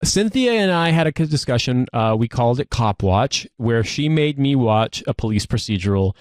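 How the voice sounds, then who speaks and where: A man's voice: medium pitch, lively intonation, moderate pace, dry recording, studio quality. A man in his thirties, an army veteran co-hosting a podcast, telling stories casually with many restarts and trailing asides. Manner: rambling storyteller, frequent restarts.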